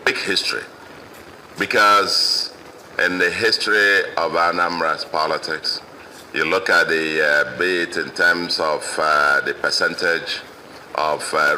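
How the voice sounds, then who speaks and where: A man with a Nigerian English accent giving an emphatic victory speech as governor, listing vote figures deliberately. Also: very deep voice, pushed and bright, a little hiss or hum, rough recording.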